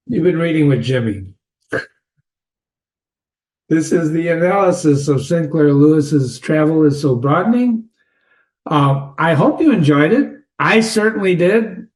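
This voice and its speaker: A man hosting a literature channel, casually analyzing a short story with digressive anecdotes, wry asides and quick laughs. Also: on the high side, darkish tone. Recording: echoey room.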